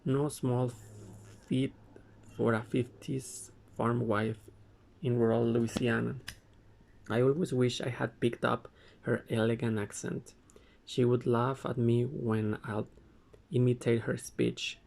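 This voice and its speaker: Slow, gravelly man reading aloud. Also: mid-range voice, little pitch movement, darkish tone. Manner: halting, frequent stumbles and self-corrections. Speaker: amateur reader.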